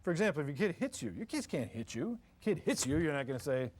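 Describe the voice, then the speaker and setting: This older man's voice runs on the high side and sing-song, delivered at a quick pace, with a little hiss or hum in the audio. He's a parenting lecturer giving a funny, folksy live seminar, acting out parents and kids for his audience.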